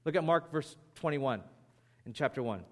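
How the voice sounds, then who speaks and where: A man preaching a sermon as pastor, in an animated, conversational way. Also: fairly high pitch, moderate pace.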